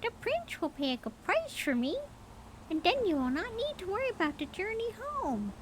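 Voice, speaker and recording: A woman voicing a clever, cheeky little mynah bird in a high, chirpy storybook voice. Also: very animated, moderate pace, slight background noise.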